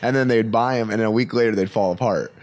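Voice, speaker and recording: Young man, comedian guest, rambling anecdotes, fairly low voice. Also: fast talker, background noise. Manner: rambling, lots of "like" and "you know". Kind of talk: casual storytelling.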